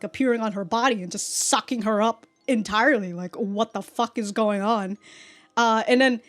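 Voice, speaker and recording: A woman hosting a casual anime reaction, excitable and profane, often laughing. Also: fairly high pitch.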